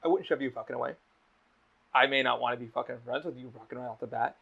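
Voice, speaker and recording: A man hosting a casual podcast, telling stories in a blunt, animated way with a lot of swearing. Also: medium pitch, quick pace, creaky, husky. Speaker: podcast host. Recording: slightly dull lo-fi audio.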